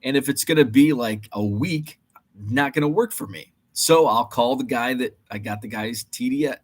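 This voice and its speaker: A man with a husky, somewhat breathy voice tells a story casually to his vlog viewers. He rambles and sounds exasperated, with frequent ums and uhs. His pitch sits at an ordinary middle level. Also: normal speed. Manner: rambling, exasperated retelling with many fillers. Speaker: eBay reseller and channel host.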